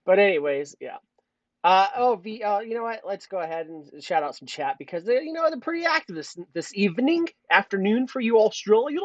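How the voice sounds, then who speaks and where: A man with a high-pitched, animated voice co-hosts a casual livestream chat, talking fairly quickly with no echo. He is jokey and rambling, laughing often as he reads out the chat, and the stream audio is dull and lo-fi.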